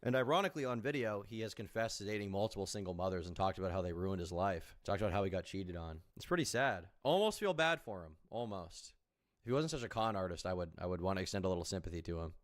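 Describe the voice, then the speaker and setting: A man's voice: sits low, quick pace. A man streaming live, reacting to clips with sarcastic, mocking commentary and free swearing.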